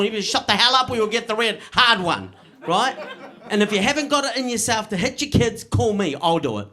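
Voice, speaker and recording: A middle-aged man performing a stand-up comedy set, delivering deadpan punchlines and checking in with the crowd. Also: high voice, a little fast.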